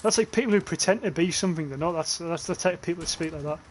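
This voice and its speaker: A man's voice: a little high, very fast, a little hiss or hum. A young man with a Northern English accent, chatting casually and swearing while livestreaming a game and reading chat aloud. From northern England. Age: young adult.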